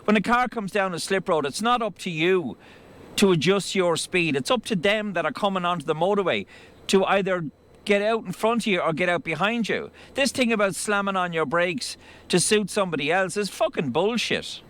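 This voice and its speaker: A man's voice: high voice, expressive, moderate pace, fairly bright tone. An Irish man driving a truck, talking bluntly and swearing freely in a rambling way from his cab. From Ireland. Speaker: truck driver. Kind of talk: driving vlog commentary. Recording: road noise in the cab.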